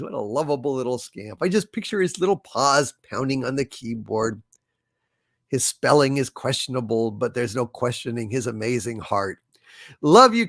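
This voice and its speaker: A man hosting a casual livestream, reading viewer chats aloud and thanking viewers, effusive and apologetic, often halting with fillers. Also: on the high side, gravelly, a bit bright. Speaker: livestream host. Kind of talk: casual live chat, reading super chats.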